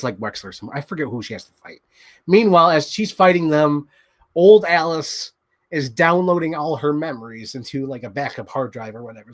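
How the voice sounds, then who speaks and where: A man hosting a show, excitedly rambling through a movie recap in casual chat, swearing freely. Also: medium pitch. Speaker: show host.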